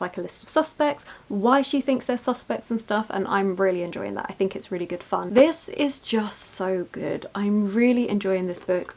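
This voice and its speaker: A woman chatting casually in a reading vlog, enthusiastic and prone to tangents. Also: medium pitch. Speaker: book vlogger.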